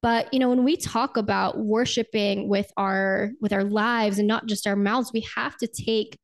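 A woman's voice: medium pitch, fairly even intonation, normal speed. Earnest woman leading a guided prayer. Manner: earnest, conversational, frequent "like" and "right?". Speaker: podcast host. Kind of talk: faith podcast talk with guided prayer.

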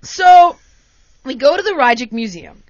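An American woman hosting a podcast, telling a story in a casual, animated way and acting out the exchanges in different voices. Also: sits high, a little slow, no echo. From United States. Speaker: podcast host. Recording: dry, dull lo-fi sound.

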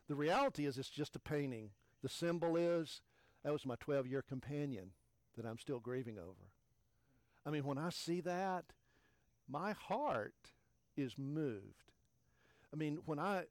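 Emphatic preaching man, fairly high voice. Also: dry recording. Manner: emphatic, repeats key phrases, swings from loud to hushed. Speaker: pastor. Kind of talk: sermon.

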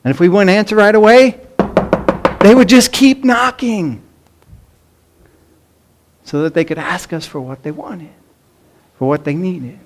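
A man's voice: fairly high pitch, fairly quick, soft background music. A middle-aged man preaching a sermon, telling stories animatedly and mimicking children's pleading voices. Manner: animated storytelling, acts out pleading children in a raised voice. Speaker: pastor.

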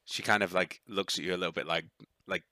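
A man's voice: low-pitched, fairly even intonation, fast talker, sharp tone, no room sound. A man narrating as game master of a tabletop game, rambling with many fillers and restarts.

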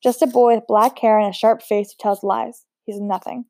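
Defiant young french girl, bitter, read by a woman, fairly high voice, mellow tone. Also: fairly even intonation, normal speed, no echo, close to an everyday voice. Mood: grim. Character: headstrong eighteen-year-old French girl.

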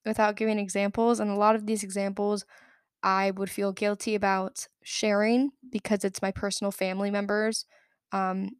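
A woman's voice: mid-range voice, clean tone, no room sound, studio quality. A young adult woman hosting a solo podcast, telling a story in a chatty, opinionated way full of filler words. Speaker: podcast host. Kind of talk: casual solo podcast chat.

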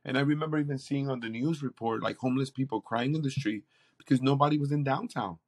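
A campus pastor with a mid-range voice talks fast as he shares his personal testimony in conversation. He's an animated storyteller who acts out the voices of the people in his story.

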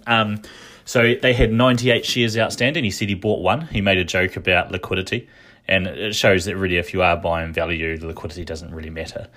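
A man with a low, deep voice talks through his thoughts in a casual commentary. He often restarts his sentences and wanders into asides as he goes. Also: little pitch movement, a little fast, a bit bright. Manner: thinking aloud, frequent restarts and asides. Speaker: commentator recapping a shareholder meeting.

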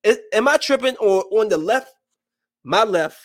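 A man in his thirties giving casual, joking live-stream commentary, swinging between loud bursts and hushed asides. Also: high voice, lively intonation, a little slow. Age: 30s.

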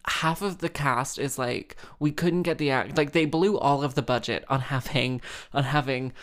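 A woman's voice: rumbling low, moderate pace. A woman hosting a podcast, rambling and gushing in a casual monologue full of fillers and sarcastic self-mockery.

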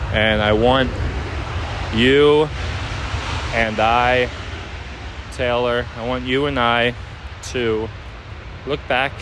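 A man's voice: mid-range voice, background noise. A young man making an earnest, rambling, hesitant apology to his partner, recorded outdoors. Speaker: boyfriend addressing his partner. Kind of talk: heartfelt apology monologue. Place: outdoors near overhead air traffic.

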